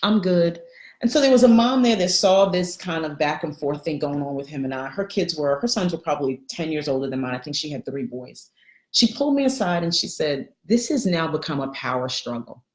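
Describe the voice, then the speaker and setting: A middle-aged woman with a lilt leads a live coaching talk. Her voice sits fairly low and swings up brightly when she greets viewers. The room has a noticeable echo. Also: animated, a little fast. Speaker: life coach.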